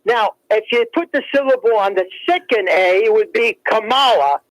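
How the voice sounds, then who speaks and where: A man's voice: high voice, moderate pace, no room sound, rough recording. A man calling in to a radio talk show, teasing and needling the host. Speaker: caller. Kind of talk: call-in radio chat.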